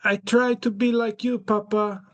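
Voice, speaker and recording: A man voicing a tall young man who speaks halting, broken English with a European accent, in a childlike, mumbling way. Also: high voice, level tone, pitched above the performer's own voice. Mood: sheepish. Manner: halting broken English, short clipped phrases.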